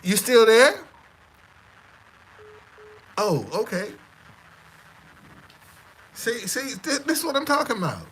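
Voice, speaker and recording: Stammering, high-voiced man streamer. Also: big pitch swings, takes it slowly, pauses often, fairly bright tone, slightly rough, poor audio. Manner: stammering, repetitive, defiant. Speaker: live stream host. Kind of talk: casual live-stream monologue.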